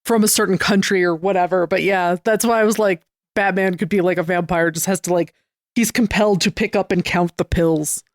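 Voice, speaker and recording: A co-host walks through a comic plot in a loose, relaxed way, with plenty of fillers along the way. The voice sits at a middle pitch. The recording is dry and close-miked. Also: fairly quick, no echo. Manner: relaxed recapping, many fillers like "like". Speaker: podcast co-host. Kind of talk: casual comic book chat.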